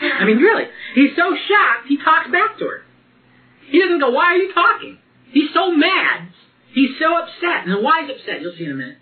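A man's voice: very high voice, very animated, moderate pace. A man preaching a sermon and reading from the Bible, talking conversationally with frequent laughs and restarts. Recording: tinny lo-fi recording with faint hiss.

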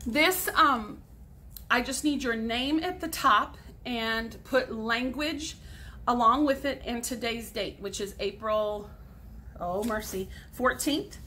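A woman's voice: fairly high pitch, slow pace, bright, forceful tone, slight background noise. A woman in her forties, a sixth grade teacher, patiently explaining grammar step by step in a recorded lesson for students at home.

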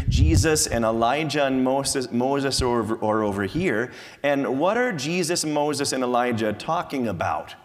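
A middle-aged man preaching a sermon as pastor, lively with many repeated words and fillers. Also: medium pitch. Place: church sanctuary. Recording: long church reverb.

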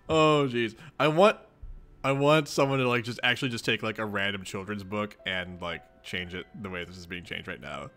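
A man's voice: fairly low pitch, normal speed, faint music behind. A man casually reading a webcomic aloud to his viewers, laughing often and chatting with them between lines. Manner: giggly, excitable, talks to chat. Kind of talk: casual read-along commentary.

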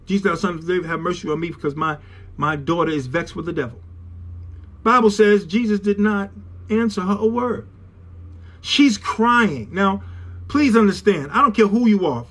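High-pitched man preaching bible study, fervent, repeats himself, sudden loud bursts. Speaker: pastor.

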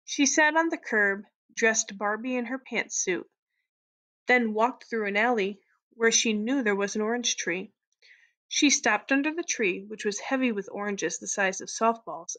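Teacher lady reading a story aloud to her class, steady and clear, kinda high voice. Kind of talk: read-aloud story narration.

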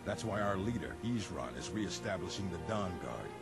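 A man's voice: low-pitched, sing-song, normal speed, gravelly, heavily acted. An actor playing a blunt male warrior who recruits vampire hunters in a video game. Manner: blunt, matter-of-fact. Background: game music.

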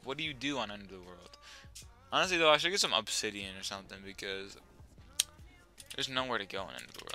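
Excitable young man narrating gameplay. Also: lowish voice. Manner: excitable, swears and yells at his dog. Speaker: gaming YouTuber. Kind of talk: live gameplay commentary. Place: home.

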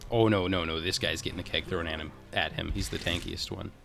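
A man's voice: low voice, steady tone, brisk, vocal fry, a bit bright, a little hiss or hum. A man giving casual, chatty commentary over his own gameplay, talking to himself and the game as he plays. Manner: chatty, talks to himself and the game, frequent restarts. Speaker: let's play host.

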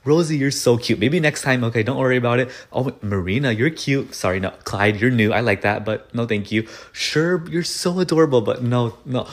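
A man casually narrating his video game session at an ordinary, middle pitch. He chats to the characters on screen and keeps apologizing to them as he goes. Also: a little fast, hardly any pauses. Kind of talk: casual gameplay commentary.

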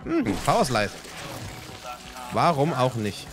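A man's voice: medium pitch, sing-song, slow pace, music in the background. A man hosting a let's play, giving laid-back, amused gameplay commentary and laughing often.

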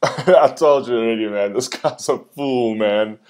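A man hosting a reaction video, often laughing and breaking into excited exclamations. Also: medium pitch, measured pace. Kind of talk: reaction commentary.

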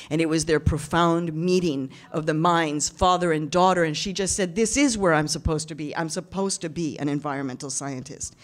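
A woman delivering a passionate keynote speech, mixing in Spanish phrases and acting out quoted voices. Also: low-pitched. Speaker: keynote speaker. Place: large event hall with audience.

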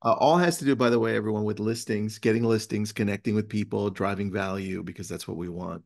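A man's voice: on the low side, quick pace, vocal fry. A man hosting a casual webinar, telling stories with energy and reading passages aloud. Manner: animated storyteller, reads passages aloud. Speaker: webinar host.

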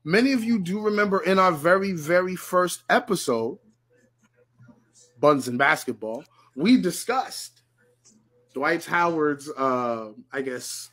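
A man co-hosting a casual podcast, animated and talking in quick bursts. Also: fairly high pitch. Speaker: podcast co-host.

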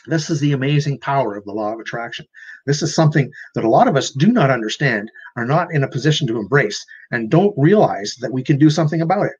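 A man with a slightly high, husky voice gives an earnest motivational talk as a life coach. He often repeats words and restarts his sentences as he goes. The sound is dull and lo-fi.

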